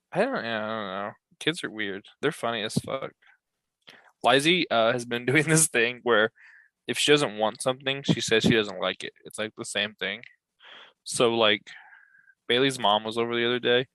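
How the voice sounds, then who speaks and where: A man's voice: medium pitch, bright, forceful tone, dry recording. A man chatting on a podcast, joking and laughing often. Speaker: podcast co-host. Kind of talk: casual chat.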